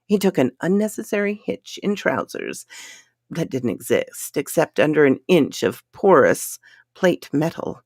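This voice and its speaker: A woman hosting her channel and reading a science fiction story aloud in an unhurried, expressive way. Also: low-pitched, no room sound, studio quality.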